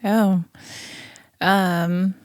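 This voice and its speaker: A woman's voice: fairly low pitch, little pitch movement, drawn-out words, a little mellow, no echo, studio quality. A woman guest in an interview, earnestly retelling a personal memory with quoted dialogue. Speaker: guest, former law enforcement. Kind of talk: conversational interview, personal storytelling.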